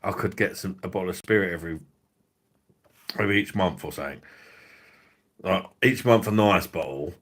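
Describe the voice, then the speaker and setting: A man's voice: sits low, fairly quick, pauses often. A man, hosting a drinks review livestream in a rambling, profane, laughing way. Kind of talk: casual livestream chat.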